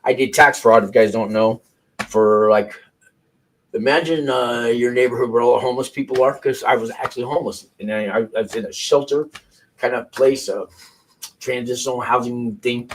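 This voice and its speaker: A man's voice: medium pitch, steady tone, normal speed, slight background noise, rough recording. A man hosting a call-in show, talking off the cuff in a rambling, profane way with lots of restarts. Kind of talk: casual unscripted commentary.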